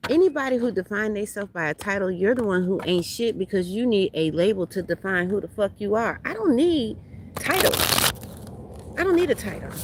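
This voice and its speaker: A woman reads tarot on a casual livestream from the beach. She talks to her viewers bluntly, animatedly and with plenty of profanity. Her phone mic picks up a faint outdoor noise behind her voice. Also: medium pitch. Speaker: tarot reader.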